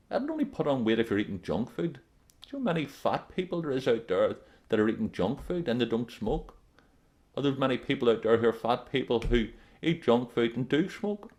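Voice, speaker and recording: Blunt, emphatic man giving a motivational talk. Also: medium pitch. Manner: blunt, emphatic and direct, repeats warnings. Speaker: life coach.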